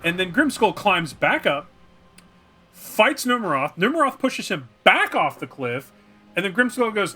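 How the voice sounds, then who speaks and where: A bright, slightly high male voice rambles enthusiastically through a game recap, jumping into little acted scenes along the way. Faint music plays underneath the casual chat. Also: moderate pace. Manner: rambling and animated, acting out scenes. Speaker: co-host.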